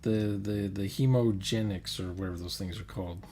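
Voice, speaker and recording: A man's voice: low voice, a little fast, a little mellow, slight background noise. A man playing in a casual tabletop role-play, hesitant and stammering over his words. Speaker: player.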